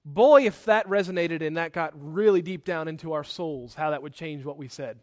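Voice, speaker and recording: High-voiced preacher. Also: male voice, normal speed. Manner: animated, acts out angry outbursts, self-correcting asides. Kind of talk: sermon.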